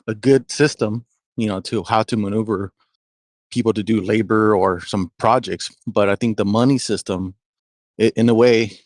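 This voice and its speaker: A man with a fairly low voice joins a casual group discussion. He speaks in a measured way, pausing to find his words, and sounds dry and close. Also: dry recording.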